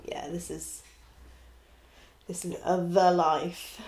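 A woman hosting an interview, laughing easily and making quick joking asides. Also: on the low side, level tone, darkish tone. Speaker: podcast host. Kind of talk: casual interview chat. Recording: roomy echo.

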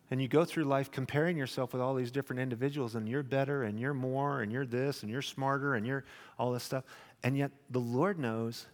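A middle-aged man preaching a sermon to a congregation, swinging between loud animated questions and quiet confessional lines. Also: medium pitch, big-room sound. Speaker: pastor. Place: church hall with congregation.

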